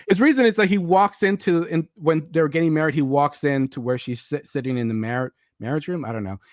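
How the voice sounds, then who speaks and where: A man's voice: fairly high pitch, a little fast, dry recording. Guy hosting a podcast, ranting about a bad movie, swears a lot, dry sounding. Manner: animated storyteller, swears, acts out quotes. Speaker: podcast host. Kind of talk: casual movie review chat.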